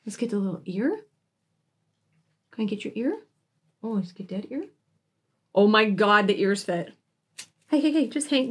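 A woman's voice: medium pitch, animated, normal speed, pauses often, slightly rough. A woman vlogger chatting casually at home while showing off a shopping haul, giggling and cooing baby talk at her cats.

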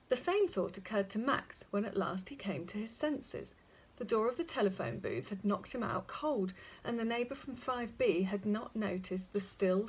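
A woman with a husky, slightly breathy voice reads a children's story aloud at a medium pitch. She speaks gently and addresses young listeners directly.

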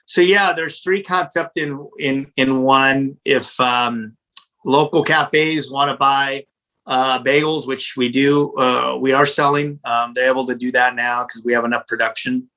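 A middle-aged man, a pizza restaurant owner, telling a story in a casual interview in a blunt, animated, profane way. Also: medium pitch, a little slow, rough recording.

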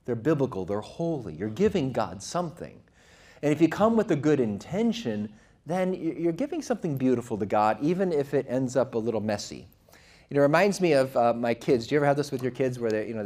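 A Catholic speaker giving a talk to a live audience, earnest and conversational, who often asks the audience questions. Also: male voice, medium pitch, animated, a little fast, darkish tone. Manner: vivid storytelling with quoted voices.

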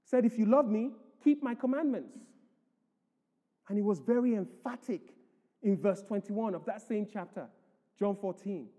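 A man's voice: sits high, measured pace, warm tone. A man preaching a sermon as pastor, emphatic, reading scripture aloud to the church. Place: church hall. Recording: echoey church hall.

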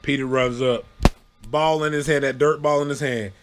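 A man casually telling funny childhood stories, animated, breaking into loud high yelps when he acts out what people said. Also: normal speed. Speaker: storyteller. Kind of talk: casual storytelling to camera.

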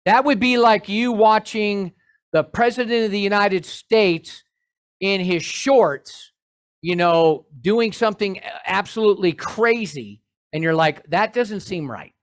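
Animated male pastor preaching a sermon. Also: high-pitched, unhurried. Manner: animated, joking asides to the congregation.

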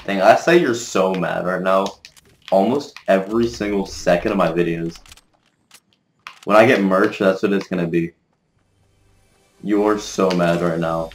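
A man giving live gameplay commentary as a gaming video creator, excitable, cursing mildly and trash-talking his opponents. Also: low voice, moderate pace. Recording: roomy echo.

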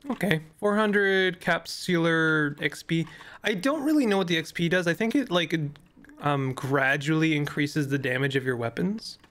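A young man giving casual, rambling commentary while playing a game, with a voice that is going hoarse. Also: fairly high pitch, normal speed, fairly bright tone. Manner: rambling, many fillers and restarts. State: losing his voice. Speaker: gaming YouTuber.

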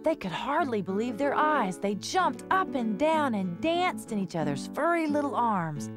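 A woman reading a children's story aloud in an expressive, sing-song way. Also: a little high, measured pace. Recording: guitar music behind.

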